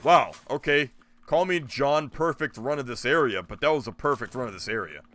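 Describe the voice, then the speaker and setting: A man's voice: mid-range voice, animated, a little fast, a bit bright, a little hiss or hum. A man streaming a video game, rambling and joking with his chat as he plays. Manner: rambling, jokey, talks to chat. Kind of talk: casual gameplay commentary.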